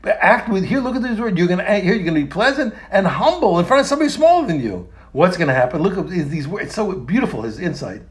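A man teaching a religious text, talking in an animated, emphatic way and often repeating phrases and restarting. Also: sits high, fast, few pauses. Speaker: Torah teacher. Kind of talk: explaining a text in a lesson.

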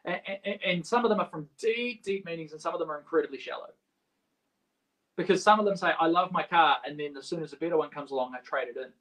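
Halting man preaching a sermon. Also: on the high side, rough recording. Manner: halting, with many restarts and a wide swing in loudness. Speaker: pastor.

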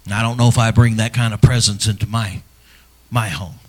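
A middle-aged man, a pastor, preaching a sermon in a church, earnest and personal, swinging from loud emphasis to hushed, near-whispered lines. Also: lowish voice, steady tone, fairly quick. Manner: earnest and personal, speaking to fathers.

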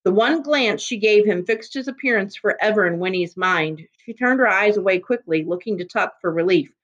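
A woman reading a novel chapter aloud in a measured, steady storytelling manner. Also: mid-range voice, dull audio. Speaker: reader.

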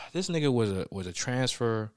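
A young man telling a story in a relaxed, casual chat, acting out other people's lines. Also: medium pitch, measured pace, no room sound, studio quality. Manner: animated storyteller, acts out others' lines loudly.

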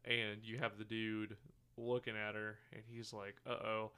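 Bright, clear-voiced man recapping a film. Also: fairly low pitch, monotone, measured pace. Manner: rambling recaps with quoted lines and fillers. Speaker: podcast co-host. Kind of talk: casual movie review chat.

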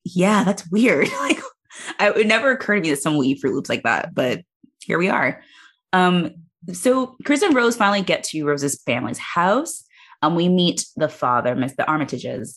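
A woman hosts a casual movie podcast, her low-set voice swinging through a wide, lively pitch range. She slides readily into playful high-pitched impressions. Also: breathy edge. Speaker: podcast host. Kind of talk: casual movie review chat.

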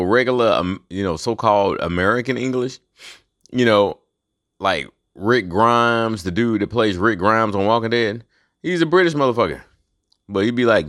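A man hosts his own solo rant show, heated and full of profanity as he lays out conspiracies. His voice sits on the low side. The sound is dry, with no room around it. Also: expressive, moderate pace, a bit bright, no echo. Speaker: host.

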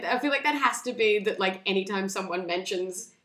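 A woman's voice: mid-range voice, brisk, a bit bright. A woman co-hosting a podcast, chatting casually with giggly, joking interjections. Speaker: podcast co-host. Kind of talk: casual chat. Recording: roomy echo.

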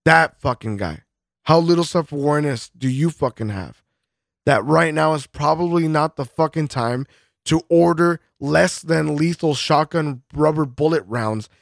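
A man's voice: a little high, normal speed, gravelly, no room sound, studio quality. A man co-hosting a podcast, ranting angrily with constant swearing and bursts of laughter. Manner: profane, heated ranting with frequent laughs. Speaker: podcast co-host. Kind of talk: casual podcast rant.

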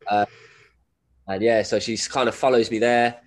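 A man's voice: medium pitch, fairly even intonation, normal speed. A man, telling a story as a podcast guest in a casual, laddish way with plenty of swearing and slang; he has a cold. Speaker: guest, endurance runner.

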